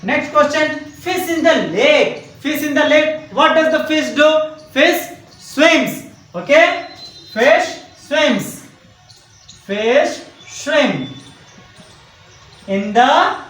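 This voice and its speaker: A man teaching a grammar lesson to young children. He talks slowly, repeats himself, spells out words letter by letter and keeps checking in with "okay?". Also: very high voice, pushed and bright, far from the mic. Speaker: school teacher. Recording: very echoey room, voice away from the mic.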